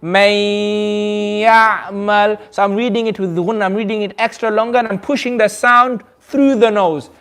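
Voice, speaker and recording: A man's voice: sits high, brisk, few pauses, fairly bright tone. A man teaching a Quran recitation class in a community centre, patiently quizzing his students and modelling the sounds aloud. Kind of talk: classroom lesson.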